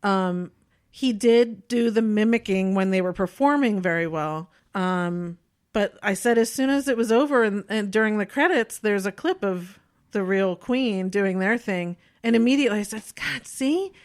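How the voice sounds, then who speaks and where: A woman co-hosting a podcast in casual chat, animated and opinionated, often laughing as she talks. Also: mid-range voice, normal speed. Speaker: podcast co-host.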